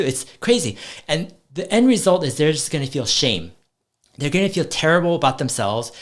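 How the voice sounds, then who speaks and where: A middle-aged man talking casually about parenting in a rambling way, often restarting words and acting out his kids' lines. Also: on the high side. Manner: rambling, repeats words, quotes his kids in lively voices. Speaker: host.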